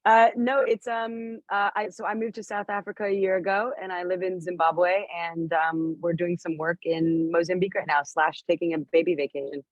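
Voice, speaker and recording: A woman's voice: lowish voice, level tone, normal speed, hardly any pauses, no echo. A woman being interviewed over a video call, bubbly and laughing often, with lots of fillers. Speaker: actress guest. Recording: dry, dull lo-fi video call audio.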